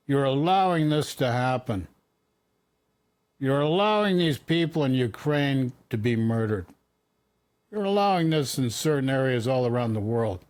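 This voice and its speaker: A man's voice: mid-range voice, expressive, normal speed, darkish tone. A man hosting a political commentary show, talking casually and sounding exasperated, often repeating his points.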